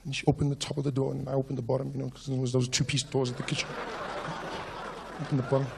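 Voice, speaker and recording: Animated stand-up comic. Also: male voice, mid-range voice, quick pace, vocal fry, a little hiss or hum. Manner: animated storytelling, switches into voices. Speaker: stand-up comedian. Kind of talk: stand-up comedy.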